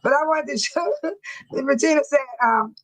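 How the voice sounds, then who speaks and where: Older woman, high-pitched, chatty livestream host who keeps breaking into laughter. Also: normal speed, poor audio. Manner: laughs often, animated and chatty. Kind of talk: casual livestream chat reading viewer comments.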